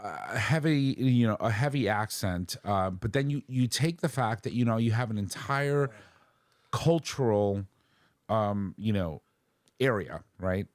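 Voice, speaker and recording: A man chatting on a podcast with a very lively, swooping pitch and a bright way of acting out the people in his stories. The sound is close and dry, with no room behind him. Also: a little slow, no echo. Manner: animated storyteller, quoting others in lively voices. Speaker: podcast host. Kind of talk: casual chat.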